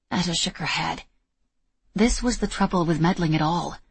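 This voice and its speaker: Low breathy woman narrating a story. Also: no echo. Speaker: audiobook narrator. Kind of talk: scripted narration.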